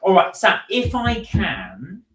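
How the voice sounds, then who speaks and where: A chatty man hosting a live stream, his voice pitched a little high for a man. He reads viewer comments aloud and jokes between them. The sound bounces around an echoey room. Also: huge pitch swings, slow pace, a bit bright. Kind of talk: casual live chat reading viewer comments.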